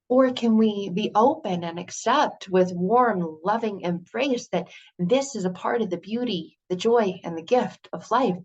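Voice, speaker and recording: An earnest woman delivers a motivational talk in a mid-pitched voice, firing off rhetorical questions with lively energy. The recording sounds a little dull and lo-fi. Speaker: motivational speaker.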